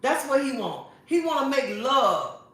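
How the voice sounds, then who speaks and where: A woman's voice: high voice, very animated, measured pace, fairly bright tone. A woman hosting a livestream, talking to viewers in a sassy, preachy way and repeating her phrases. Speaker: livestream host. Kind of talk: casual livestream talk to viewers. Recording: very echoey room.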